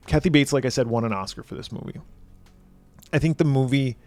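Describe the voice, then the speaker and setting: A man's voice: medium pitch, darkish tone, soft background music. Profane man recapping a film. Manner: profane, retells scenes with quick quoted voices. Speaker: podcast co-host. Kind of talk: casual film review chat.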